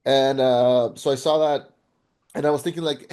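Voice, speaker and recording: A man co-hosting a podcast, chatting casually about a film, animated and rambling with lots of restarts and fillers. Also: medium pitch, moderate pace. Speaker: podcast co-host. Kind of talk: casual film review chat.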